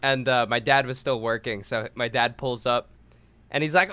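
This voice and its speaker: A man's voice: mid-range voice, steady tone, moderate pace, bright, forceful tone, clear, resonant tone, dry recording. A young man telling a rambling story on a casual podcast, swearing freely and acting out quotes. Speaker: podcast co-host.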